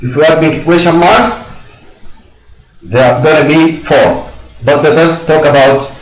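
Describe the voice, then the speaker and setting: A male teacher speaks very slowly in a slightly high voice, leaving long pauses and filling them with "yes" and "very good". The sound is roomy and echoing, like a bare classroom. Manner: slow, coaxing, answers his own prompts with "yes". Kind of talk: classroom lesson explanation. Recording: roomy echo.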